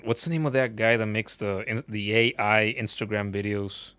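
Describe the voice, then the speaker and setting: A man's voice: fairly low pitch, steady tone, moderate pace, sharp tone, clean tone, dry recording. A man streaming a video game and chatting casually, joking in a put-on Australian accent and tacking "mate" onto everything, often stumbling over his words. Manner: jokey, tacks a mock Australian "mate" onto every line; stammery restarts. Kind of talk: casual live-stream commentary.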